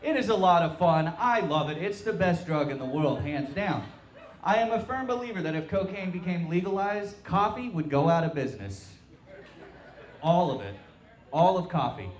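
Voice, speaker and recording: A young man from Tulsa performing a stand-up set with deadpan, self-mocking crude punchlines. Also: a little high, moderate pace. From Tulsa, Oklahoma. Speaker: stand-up comic. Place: brewery comedy stage, live crowd. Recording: roomy live-venue sound.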